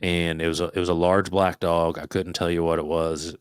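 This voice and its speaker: A man's voice: low voice, little pitch movement, a little fast, clear, resonant tone, dry recording, studio quality. A man in his thirties, a podcast guest, tells a story casually, swears freely, acts out his own past thoughts and imitates the noises he heard. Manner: imitates sounds while telling a story.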